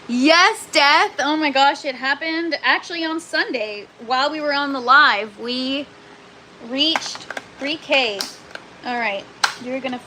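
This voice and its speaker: A woman's voice: a little high, bright, forceful tone, a little hiss or hum, rough recording. A Canadian woman chatting casually with viewers on a gardening livestream, self-mocking and laughing often, sounding tired. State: tired from lack of sleep. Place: indoor grow tent.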